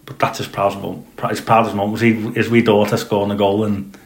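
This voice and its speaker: A man's voice: lowish voice, flat delivery, fast talker. A man co-hosting a football podcast in casual chat, rambling with plenty of fillers and restarts. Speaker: podcast co-host. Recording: roomy echo.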